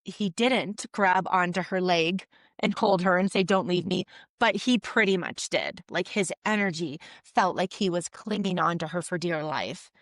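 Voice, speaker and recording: Therapist américaine, ton vif et explicatif, voix sèche et proche du micro. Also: female voice, lowish voice, moderate pace, no echo. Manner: lively, explains with acted-out examples and restarts. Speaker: couples therapist, guest. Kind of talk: explanatory interview talk.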